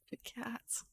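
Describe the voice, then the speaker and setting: A young woman streamer reading a game rulebook aloud at home into a studio mic, softly and half-whispered, with chatty asides. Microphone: studio mic with pop filter.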